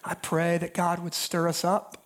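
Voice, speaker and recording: A pastor preaching a sermon with emphatic, repetitive, building cadences. The voice swings between raised intensity and hushed, near-whispered passages. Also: medium pitch, monotone, normal speed.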